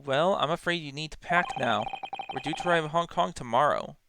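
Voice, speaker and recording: A woman voicing a remorseful middle-aged male police inspector, speaking gravely and apologetically. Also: deep voice, brisk, background noise. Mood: stern.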